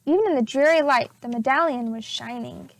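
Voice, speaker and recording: A woman teacher reading a chapter book aloud to preschool children, slow and expressive. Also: sits high.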